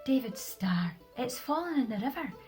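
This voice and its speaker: Woman doing a commanding crow, firm and loud. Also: fairly high pitch, very animated, normal speed, faint music behind. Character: helpful bossy male crow.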